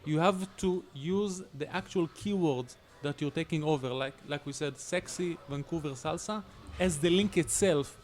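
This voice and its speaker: A man's voice: on the high side, normal speed, hardly any pauses, a little mellow, faint music behind. A man on a podcast panel explaining search strategy in an instructive, emphatic way. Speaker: SEO panelist. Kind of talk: casual podcast discussion.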